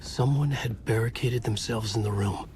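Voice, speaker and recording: An actor voicing a brooding male writer who narrates his thoughts in a video game, low and measured. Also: a little hiss or hum, close to an everyday voice. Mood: grim. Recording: game audio under loud music.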